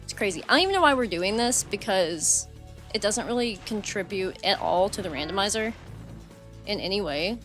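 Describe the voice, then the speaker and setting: A young woman streaming live gameplay, chatting along and breaking into loud frustrated outbursts at the game. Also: medium pitch, expressive, moderate pace, soft background music.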